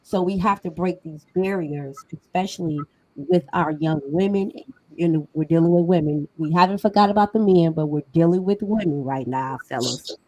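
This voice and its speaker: A woman's voice: on the low side, moderate pace, darkish tone, low-quality recording. A middle-aged woman hosting a talk show, speaking in an emphatic, conversational and preachy way. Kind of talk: casual panel talk.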